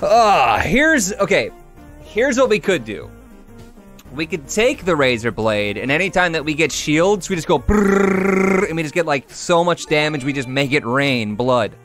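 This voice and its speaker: A man streaming a video game live, joking and reacting excitedly as he chats with viewers. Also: on the high side, normal speed, soft background music. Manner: excitable, jokey, breaks into song snatches. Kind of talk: live gameplay commentary.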